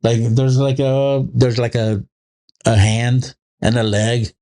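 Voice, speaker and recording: A man's voice: mid-range voice, steady tone, takes it slowly, dark tone. A man co-hosting a casual podcast, rambling through family anecdotes and acting out his little daughter's lines. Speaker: podcast co-host. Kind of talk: casual chat.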